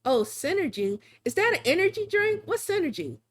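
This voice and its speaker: A woman's voice: extremely high pitch, big pitch swings, fairly quick. A woman streaming live while drawing, chatting casually in a rambling, chatty way with frequent laughs. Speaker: live-streaming digital artist.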